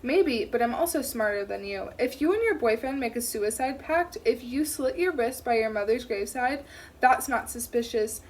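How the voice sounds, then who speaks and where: A woman's voice: fairly high pitch, lively intonation, normal speed, darkish tone, a little hiss or hum, lightly acted. A woman reading as a smug male killer. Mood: taunting. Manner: smug, taunting. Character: menacing male serial killer, calm and smug.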